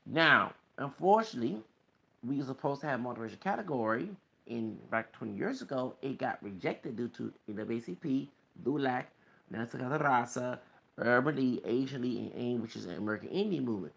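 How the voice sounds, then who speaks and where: Speaking in a medium-pitched, gravelly, bright voice with a forceful tone and breathy edge, a man from Texas vlogs a heated, wandering rant. He presses every point with a repeated, insistent "okay?"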